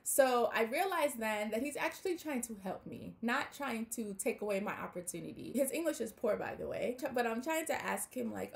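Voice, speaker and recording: A woman's voice: a little high, normal speed, creaky, few pauses. A young woman telling a personal story in a casual storytime vlog, acting out the people she talked to. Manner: animated retelling, acts out both sides with quoted voices. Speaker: vlogger.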